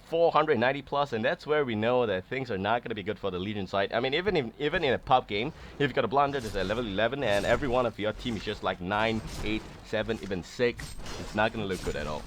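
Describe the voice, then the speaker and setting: A man casting an esports match with rapid, excitable play-by-play that rises loud on big plays. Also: mid-range voice, a little hiss or hum. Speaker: esports caster.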